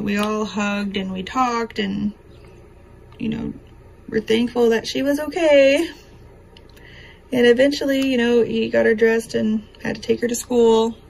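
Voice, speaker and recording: A woman's voice: a little high, vocal fry, rough recording. A woman, telling a story to camera at home in a rambling, emotional way with many fillers. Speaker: craft vlogger. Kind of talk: casual chat to camera.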